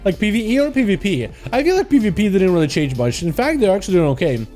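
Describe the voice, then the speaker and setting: A man's voice: high-pitched, big pitch swings, fast, a little mellow, soft background music. A young man with a slight Russian accent, a native Russian speaker, chatting casually as a gaming livestreamer. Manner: laid-back, chatty, fills with "yo", "dude" and "boys". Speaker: streamer.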